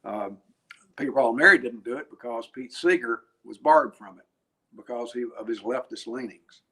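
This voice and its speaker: A man's voice: mid-range voice, normal speed. Older man telling chatty stories. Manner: chatty, animated, laughs, frequent restarts. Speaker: guest musician. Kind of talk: anecdotal interview storytelling.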